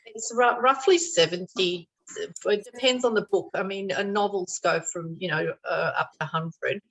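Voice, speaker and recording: A woman taking part in a video call meetup, answering in a measured, brief way. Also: medium pitch, low-quality recording. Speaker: meetup participant. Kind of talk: casual group video call.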